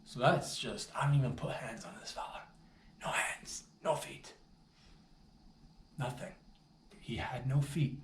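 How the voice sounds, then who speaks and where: A man spins a rambling, swaggering comic tall tale full of slang, his voice leaping up high whenever he gets worked up. He sounds like he is in a roomy space with a lot of echo, and there is faint ambient noise behind him. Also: a little slow, pauses often. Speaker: storyteller. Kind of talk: absurd comic storytelling monologue.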